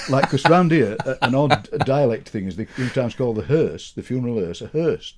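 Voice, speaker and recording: Lively Barnsley-accented older man. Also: medium pitch, moderate pace, background noise. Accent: Yorkshire, Barnsley. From Yorkshire, England. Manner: chatty, warm-humoured, chuckles through his stories. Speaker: guest poet. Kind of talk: anecdotal conversational storytelling.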